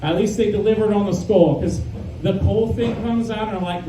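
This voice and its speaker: A man's voice: high-pitched, normal speed, reverberant, distant mic, noisy background. A man doing a live stand-up set, rambling and profane, acting out voices of friends and characters. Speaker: stand-up comedian. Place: live comedy venue with audience.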